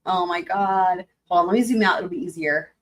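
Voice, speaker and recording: A woman's voice: fairly low pitch, unhurried, rough recording. A young woman hosting a live stream, chatting casually and giggling while she talks herself through setting up. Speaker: livestream host.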